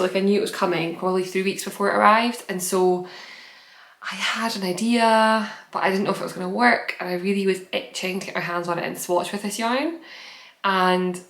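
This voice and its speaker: A woman's voice: mid-range voice, fairly bright tone. A woman hosting a knitting podcast, chatting casually and rambling with frequent self-corrections. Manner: rambling, self-interrupting, candid. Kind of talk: casual chat to camera. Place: home room in fading daylight. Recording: echoey room.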